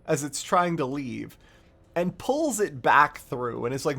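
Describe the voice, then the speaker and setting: A man streaming a joking, profane recap of a video game's story, in a lively, animated way. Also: a little high, a little slow, creaky. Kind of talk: comedic game-lore recap.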